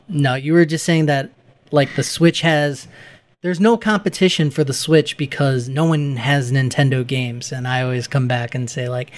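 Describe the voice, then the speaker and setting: A man co-hosting a gaming podcast, chatting casually and laughing often. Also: medium pitch. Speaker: podcast co-host.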